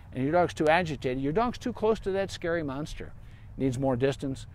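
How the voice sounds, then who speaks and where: A man's voice: mid-range voice, a little mellow. A man, a veterinarian, giving dog training advice in a casual, rambling live-stream Q&A outdoors in a park. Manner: chatty and rambling, with asides and fillers.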